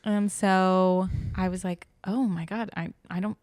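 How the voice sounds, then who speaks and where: A woman's voice: mid-range voice, steady tone, a little slow, darkish tone, no room sound, clean studio sound. A young woman chatting on a podcast, telling a story with animation and acting out the quotes. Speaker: guest host. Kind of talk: casual podcast chat.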